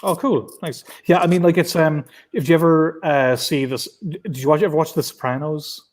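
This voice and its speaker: A man's voice: a little high, moderate pace, a little mellow. A man with an Irish accent, a writer guest at a convention, talking casually in a rambling way with many restarts, heard over a video call. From Ireland. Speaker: comic book writer guest.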